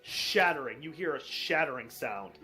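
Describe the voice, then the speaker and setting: A man running a tabletop game as dungeon master, narrating in a brisk, animated way. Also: medium pitch.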